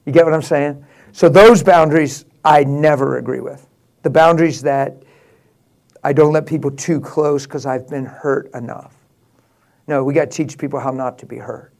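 A man's voice: on the high side, steady tone, moderate pace, gravelly, darkish tone. An older man, a pastor, telling stories in an emphatic, candid and emotional way. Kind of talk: casual storytelling talk.

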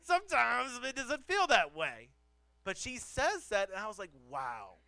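A man's voice: very high-pitched, very animated, moderate pace, gravelly, bright, forceful tone, smooth, no echo. A man preaching a sermon as the pastor, telling a family story with self-deprecating humor and repeating phrases for emphasis. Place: church pulpit.

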